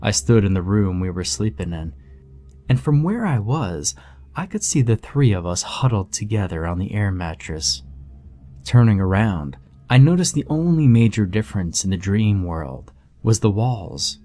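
Male storyteller, low mellow voice, steady somber delivery, horror narration. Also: normal speed.

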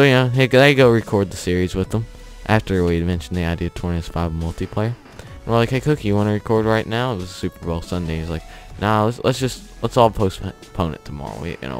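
A man's voice: fairly low pitch, fast talker, faint music behind. A young man hosting a gaming channel, telling a story in a rambling, offhand way with chuckles while he plays. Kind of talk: casual commentary over gameplay.

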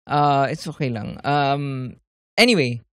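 A man's voice: medium pitch, unhurried, clear, resonant tone, no room sound, studio quality. A man with a Filipino accent co-hosting a podcast, joking and rambling in casual chat. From Philippines. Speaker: podcast co-host.

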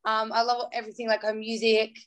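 A woman's voice: fairly high pitch, completely flat delivery, brisk, a bit bright. Bubbly young Australian woman singer. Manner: bubbly, many fillers, acts out quotes. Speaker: singer guest. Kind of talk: casual interview chat.

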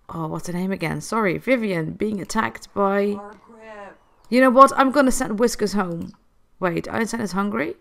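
A woman talking her way through a life-simulation game, chatty and easily sidetracked, breaking off into laughing asides. Her voice is mid-pitched with a gravelly, creaky edge. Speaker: gameplay vlogger. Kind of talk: casual gameplay commentary.

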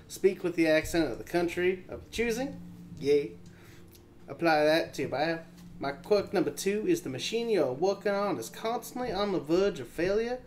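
A man's voice: fairly high pitch, slight background noise, close to an everyday voice. Man playing a blunt, cursing space mechanic. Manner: blunt, swears casually. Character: grumpy future space mechanic who fixes failing machines. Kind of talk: character introduction in a board game.

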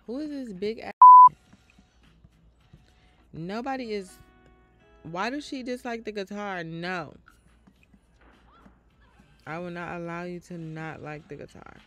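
Over music, a low-voiced woman streams a game slowly, leaving long pauses. Her commentary is casual, animated, and full of swearing, and she addresses her viewers directly.

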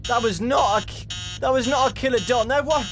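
A man's voice: very high-pitched, brisk, over music. A young man playing a horror game for viewers, talking his way through it with nervous, jumpy muttering. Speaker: gaming YouTuber. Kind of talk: horror game let's play commentary.

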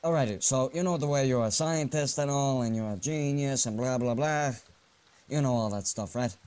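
A man voicing an easygoing young friend with a casual, rambling way of talking in an animated comedy. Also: mid-range voice, moderate pace, clear, resonant tone, close to an everyday voice. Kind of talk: amateur animated comedy voice acting.

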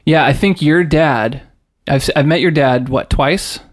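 A man's voice: a little high, unhurried. A young man hosting a podcast, chatting loosely and joking, with casual swearing. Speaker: podcast host. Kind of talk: casual chat.

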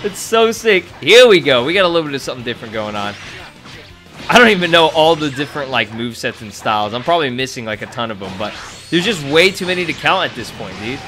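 Young man, gameplay commentary, excitable, swears a lot, very lively pitch, faint music behind. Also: fast. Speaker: gaming YouTuber.

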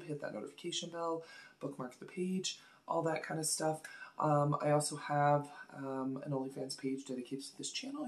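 A woman hosting a casual beauty product review vlog, chatty and gushing, often repeating words for emphasis. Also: low-pitched. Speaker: beauty vlogger.

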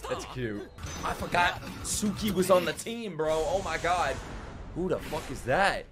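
A young man reacting to an anime episode, excitable and profane, often shouting and laughing. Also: fairly high pitch, unhurried, music in the background. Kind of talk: live reaction commentary. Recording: anime audio playing loudly behind.

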